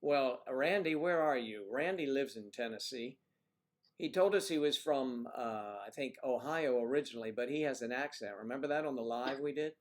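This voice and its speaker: An American man hosting a casual livestream, rambling and often clearing his throat while he fiddles with the audio. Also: mid-range voice, normal speed. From United States. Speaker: livestream host.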